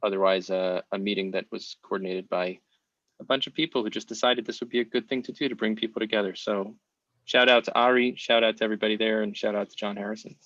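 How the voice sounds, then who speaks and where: A man's voice: lowish voice, steady tone, fast, a bit bright, no echo. A man hosting a podcast interview, speaking in an earnest, encouraging way. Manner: earnest, encouraging, wraps up with reflections. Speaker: podcast host. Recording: dry, muffled lo-fi audio.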